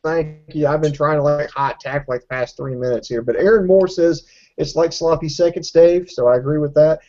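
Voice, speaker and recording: Casting: man, high-pitched, warm and dark tone, conversational questioner, lo-fi podcast audio. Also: fairly even intonation, a little fast. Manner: questioning, reads listener comments. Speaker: podcast co-host. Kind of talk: casual wrestling podcast chat.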